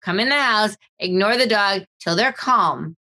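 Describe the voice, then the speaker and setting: A woman hosting a dog-training podcast in casual chat, animated and acting out voices of dogs and owners. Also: mid-range voice, unhurried, rough recording.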